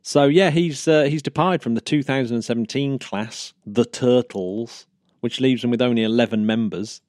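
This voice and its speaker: A man co-hosting a casual news podcast, talking in a chatty, easy way with frequent laughs and restarts. His voice sits at an average pitch for a man. It is recorded close and dry, with no room sound. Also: moderate pace, a little mellow, no room sound. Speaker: podcast co-host.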